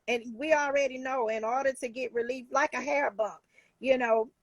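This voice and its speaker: A woman's voice: high voice, fairly even intonation, normal speed, dry recording. A woman life coach talking in a casual talk show, emphatic and heartfelt, with many restarts.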